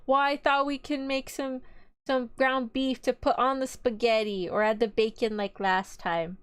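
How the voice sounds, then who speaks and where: A woman's voice: a little high, fairly even intonation, normal speed, clear, resonant tone, dry recording, studio quality. A young woman, chatting and giggling casually on a live stream. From Texas. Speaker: VTuber streamer.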